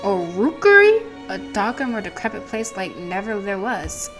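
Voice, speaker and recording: A woman voicing a brash slum dweller who mocks a lost stranger in a loud, teasing manner. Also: mid-range voice, big pitch swings, moderate pace, music in the background, close to an everyday voice. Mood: mocking.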